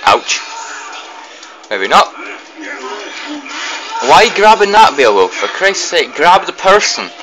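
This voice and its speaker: A young man commentates a video game playthrough, reacting loudly to every hit. His voice leaps up and down with excitement and the odd mild curse. His talk is quick and unscripted. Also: high voice, poor audio. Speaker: gaming commentator. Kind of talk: let's play commentary.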